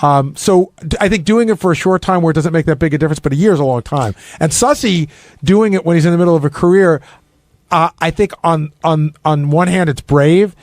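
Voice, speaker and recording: Quick-talking opinionated radio host man. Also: fairly high pitch, darkish tone, dry recording. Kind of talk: casual radio talk. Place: radio studio.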